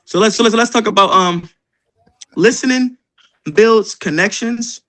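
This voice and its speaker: A man with a high, bright voice coaches a room of door-to-door sellers. He talks animatedly, jokes constantly and slips into little acted-out doorstep conversations. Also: measured pace. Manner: animated, joking, acts out doorstep exchanges. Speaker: sales trainer. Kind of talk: energetic sales training talk.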